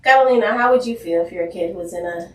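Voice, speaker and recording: A woman co-hosting a podcast in casual chat, telling animated stories and acting out quotes. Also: on the low side, quick pace. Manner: animated storyteller, acts out quotes. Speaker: podcast co-host. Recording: roomy, distant mic.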